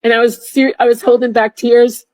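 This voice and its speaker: A middle-aged woman, a former airport security officer, recounting a painful memory in a halting way with many restarts. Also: on the high side, little pitch movement, darkish tone, poor audio. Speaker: interview guest, former TSA officer. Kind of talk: emotional personal recollection.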